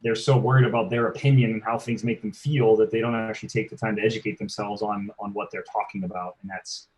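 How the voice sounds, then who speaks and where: A man who directs fitness performance work, speaking as a podcast guest and explaining his views in an earnest, measured way. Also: on the low side, steady tone, a little mellow, low-quality recording. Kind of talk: casual podcast chat.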